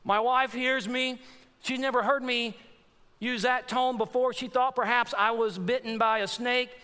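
High-voiced man preaching in a reverberant church. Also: measured pace, clean tone. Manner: animated, repeats phrases for emphasis, addresses congregation. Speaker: pastor. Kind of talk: sermon with personal story. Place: church sanctuary. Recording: long hall reverb in church.

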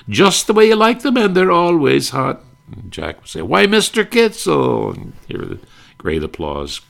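A man's voice: deep voice, gravelly, bright, forceful tone. An older man fondly reminiscing about old-time radio, rambling from one memory to the next. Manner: fond, rambling, breaks into quoted catchphrases. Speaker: radio nostalgia speaker. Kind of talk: reminiscing talk with brief impressions.

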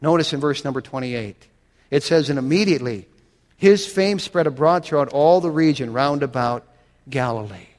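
A man's voice: on the high side, moderate pace, darkish tone, in a large hall. A man preaching a sermon, reading scripture aloud and building to dramatic, emphatic swells.

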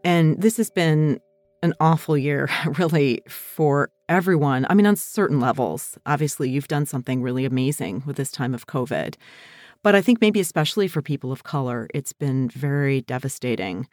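A woman hosting a podcast, asking measured, thoughtful interview questions. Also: extremely low pitch, expressive, darkish tone, no echo. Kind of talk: interview questions and scripted outro.

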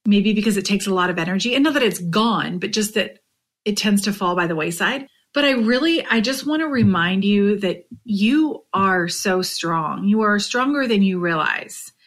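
A woman hosting a podcast, talking without a script in an earnest, heartfelt way; she is tired and emotional, and often drops to a soft near-whisper. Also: medium pitch, expressive, moderate pace. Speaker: podcast host and direct sales coach. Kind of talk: unscripted motivational podcast monologue.

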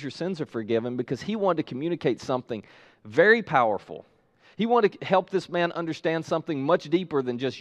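A man preaches with an animated, rising and falling delivery, his voice sitting a bit high for a man. He retells a story, slipping into quoted voices as he goes. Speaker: pastor. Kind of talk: sermon.

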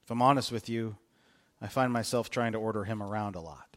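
A man's voice: lowish voice, fairly quick. A man preaching a conversational sermon to his congregation in church, earnest and direct, repeating his key questions. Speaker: pastor. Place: church service before a congregation.

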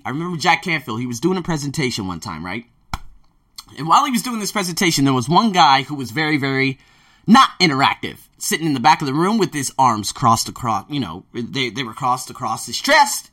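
A man with a mid-range voice hosts a casual monologue podcast, speaking briskly as a language teacher working abroad. He's an animated storyteller who acts out his own quotes and swears freely.

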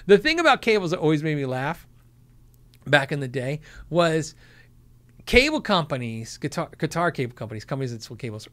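Middle-aged male host, casual livestream chat, high lively voice, quick to laugh. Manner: animated, laughs often, acts out quotes. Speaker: livestream host answering viewer questions.

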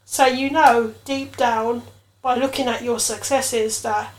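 A woman's voice: fairly high pitch, steady tone, slow. Earnest woman telling a personal podcast story. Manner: earnest, reflective storytelling with emotional emphasis. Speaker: podcast host.

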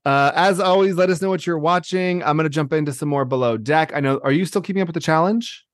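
A man's voice: fairly high pitch, fast talker, no echo, studio quality. Playful man co-hosting a chatty podcast. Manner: laughs often, playful teasing. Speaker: podcast co-host. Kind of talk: casual reality TV chat.

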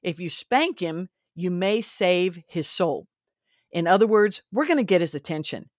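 A woman's voice: lowish voice, animated, unhurried, dry recording, studio quality. A woman hosting a faith and parenting podcast, talking earnestly and instructively, a little preachy. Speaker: podcast host. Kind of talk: faith-based parenting talk.

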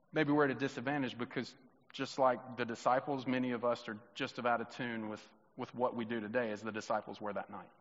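Bright-voiced pastor preaching in a reverberant hall. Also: male voice, medium pitch. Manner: swings from loud emphatic questions to soft hushed reflection; acts out quoted voices of Jesus, children and himself. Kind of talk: sermon. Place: church sanctuary. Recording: muffled sound with long hall reverb.

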